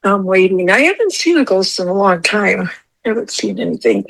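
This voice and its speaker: A podcast guest, a woman, tells an emotional personal story in a casual chat, rambling, often repeating herself, and tearful at times. Her medium-pitched voice is very animated and brisk with vocal fry, and the audio is poor.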